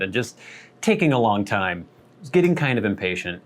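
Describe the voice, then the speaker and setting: A man's voice: on the low side, normal speed. A man hosting his vlog, telling a rambling, wry, self-deprecating story in a casual way. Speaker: vlog host.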